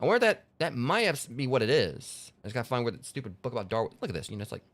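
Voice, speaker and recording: Joking male let's player, rambling commentary with a lively, swinging voice. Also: mid-range voice, racing. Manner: rambling, joking, lots of fillers. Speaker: gaming channel host. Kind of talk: casual let's play commentary.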